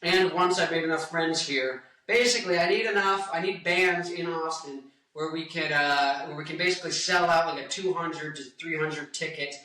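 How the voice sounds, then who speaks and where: A man's voice: on the high side, moderate pace, few pauses, bright, forceful tone. A man in his twenties, a rock musician, rambling and joking on tangents in a casual vlog. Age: 20s. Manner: hyper, joking, goes off on tangents. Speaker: rock guitarist and singer. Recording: echoey room, mic at a distance.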